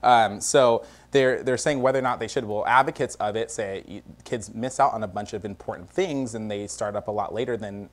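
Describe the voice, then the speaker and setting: A man's voice: fairly low pitch, fairly quick, few pauses. A man hosting a variety show, doing a comedic news monologue in a studio and laughing between jokes. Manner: joking, laughs between lines. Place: studio with a live audience.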